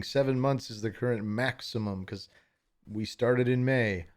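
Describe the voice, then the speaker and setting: A man hosting a live stream, chatting casually with viewers in a rambling, self-deprecating way. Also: fairly low pitch.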